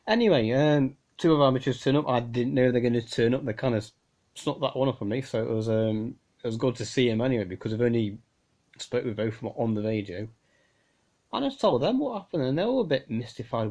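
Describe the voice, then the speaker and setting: A man's voice: medium pitch, brisk, darkish tone. A man, talking casually to a phone camera in a rambling, exasperated, chatty way. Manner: rambling, exasperated, chatty with frequent "you know". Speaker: amateur radio vlogger.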